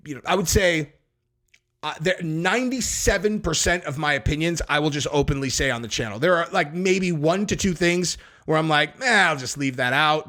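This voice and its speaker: A man comments on clips he is watching, his voice a bit raised and bright. He talks loosely and breaks in often, climbing sharply in pitch when he gets worked up. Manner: animated, interrupts excitedly, voice jumps high when worked up. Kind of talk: casual reaction commentary.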